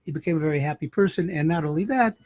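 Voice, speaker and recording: A man's voice: fairly high pitch, very fast, a little mellow, dry recording. A man, a rabbi, telling a holiday story in a folksy, conversational sermon.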